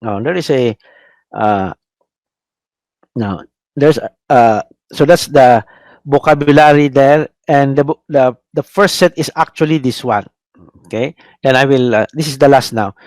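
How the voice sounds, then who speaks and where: With a mid-range, slightly mellow voice, this Filipino-accented priest lectures on biblical Hebrew at a measured pace, pausing often. He drills pronunciation, tags sentences with "no?", and hesitates with many "uh"s and restarts, recorded with no room sound.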